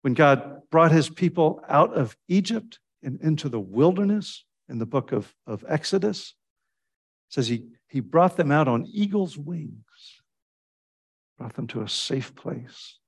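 Man preaching an animated sermon. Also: a little slow, slightly rough. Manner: animated storytelling with sudden pitch jumps when quoting; fillers and restarts, conversational preaching.

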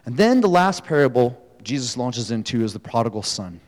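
A man's voice: medium pitch, sing-song, fairly quick, a little mellow. A man preaching a sermon in a casual, conversational way, telling the story with animation. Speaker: pastor. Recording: echoey hall, long reverb.

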